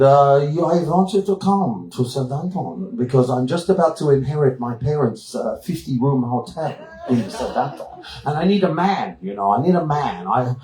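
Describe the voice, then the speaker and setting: A man's voice: mid-range voice, dark tone, roomy sound, close to an everyday voice, poor audio. A man voicing a bossy young Austrian woman in clipped broken English, with a put-on Austrian German accent.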